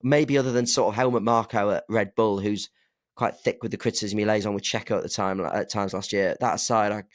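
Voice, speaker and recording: A man's voice: lowish voice, fairly even intonation, a little fast, no room sound, studio quality. A man co-hosting a podcast, chatting casually and speculating, often restarting his sentences. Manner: chatty, self-interrupting, speculative. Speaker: podcast co-host. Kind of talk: casual chat.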